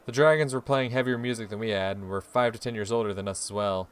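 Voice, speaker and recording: A man's voice: on the low side, quick pace, clean tone. A man hosting a game playthrough, reading the story aloud expressively with swearing asides. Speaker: let's play host.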